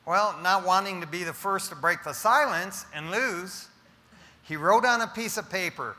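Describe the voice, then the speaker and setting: A male pastor preaches a sermon, telling jokes and tossing playful asides to his congregation. His voice sits fairly high and rings very bright. A long reverb trails each phrase through the church hall.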